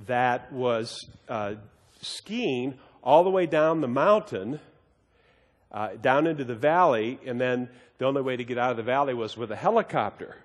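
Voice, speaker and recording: A man's voice: mid-range voice, in a large hall. A man teaching a Bible study as a sermon, earnest and emphatic, often repeating and restarting his words as he tells a story.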